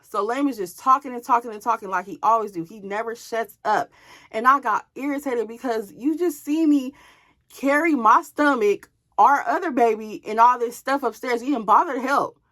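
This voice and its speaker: A woman vlogger telling a personal story to her viewers in an animated, casual way, swearing freely. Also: a little high, moderate pace.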